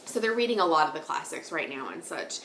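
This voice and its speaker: A woman's voice: low-pitched, expressive, fast, fairly bright tone, reverberant, slight background noise. A woman in her thirties hosting a knitting podcast, chatting casually and rambling, laughing often. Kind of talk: casual chat. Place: home sitting room.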